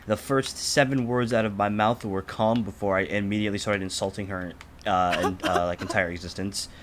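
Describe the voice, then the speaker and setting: A teenage man telling a story on a podcast in casual chat, swearing a lot and acting out the people in it loudly. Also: lowish voice, fairly quick, heavy background noise. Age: teens. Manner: animated, profane, acts out quotes loudly. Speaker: podcast co-host.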